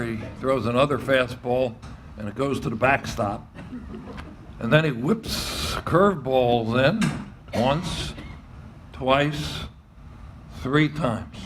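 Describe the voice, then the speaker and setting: An older man, a former baseball coach telling animated stories and often laughing as he acts out quoted voices. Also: medium pitch, slight background noise. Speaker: retired baseball coach and athletic director. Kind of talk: storytelling interview.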